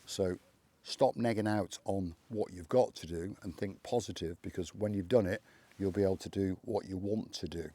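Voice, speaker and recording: Husky low-voiced older man. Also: moderate pace, mellow. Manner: chatty storyteller who acts out remembered dialogue. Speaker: channel host. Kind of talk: casual motivational monologue.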